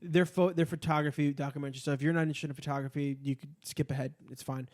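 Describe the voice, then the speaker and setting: A man co-hosts a podcast in loose, rambling chat. He curses freely and rants with heat. His voice sits a little high for a man. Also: rapid-fire. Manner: profane, rambling, animated ranting. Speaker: podcast co-host. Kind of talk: casual chat.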